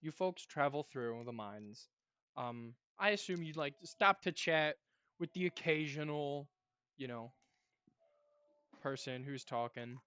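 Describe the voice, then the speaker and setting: A man running a tabletop game as game master, narrating in a relaxed, rambling way with fillers. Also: mid-range voice, measured pace, long pauses, clear, resonant tone, dry recording, lo-fi sound.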